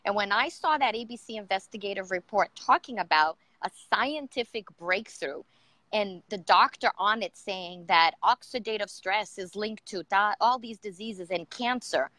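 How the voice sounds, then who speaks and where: A woman's voice: medium pitch, normal speed, bright, forceful tone, no echo. A middle-aged woman, a guest entrepreneur, telling her personal story in an earnest, emotional way with many fillers.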